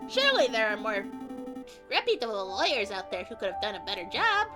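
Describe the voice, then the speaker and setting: A woman's voice: medium pitch, big pitch swings, fairly quick, music in the background, pitched below the performer's own voice, natural voice. A woman voicing a modest, courteous male falcon lawyer with an understated manner. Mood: curious.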